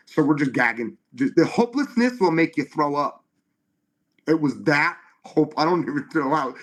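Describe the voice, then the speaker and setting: A middle-aged man giving a spoken testimony in casual conversation, animated and halting, with many restarts and fillers. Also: fairly high pitch. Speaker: guest.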